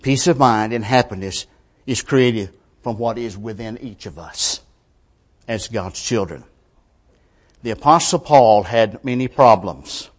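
A male preacher delivering a sermon with rhetorical questions, shifting between quiet, measured lines and forceful emphasis. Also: on the low side.

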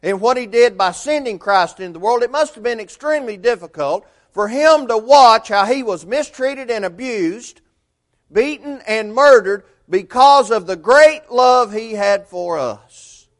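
A man preaching a sermon, telling a story earnestly and swinging between loud and hushed delivery. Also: very high-pitched, animated, measured pace.

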